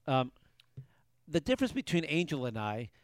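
A man's voice: a little high, big pitch swings, normal speed, no echo, clean studio sound. A man co-hosting a casual podcast from a garage, talking in long rambling stretches full of restarts. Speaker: podcast co-host. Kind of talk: casual banter.

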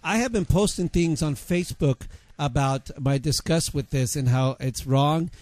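A man's voice: a little high, normal speed, darkish tone, no echo. A man hosting a political talk radio show, ranting heatedly with many fillers.

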